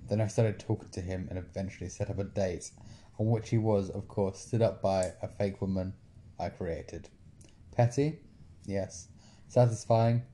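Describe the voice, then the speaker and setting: Guy reading out podcast list entries, low mellow voice, dry short answers. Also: steady tone, moderate pace. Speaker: podcast co-host.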